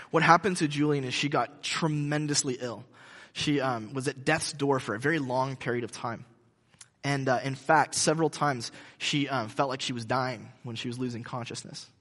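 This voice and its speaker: Man preaching with bright, ringing voice. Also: medium pitch, big-room sound. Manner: conversational, halting with many restarts. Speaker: pastor. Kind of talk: sermon.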